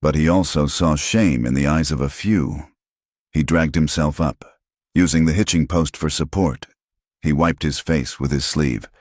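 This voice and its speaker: A man narrating a western audiobook in a measured, even storytelling manner. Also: extremely low pitch, no room sound, studio quality.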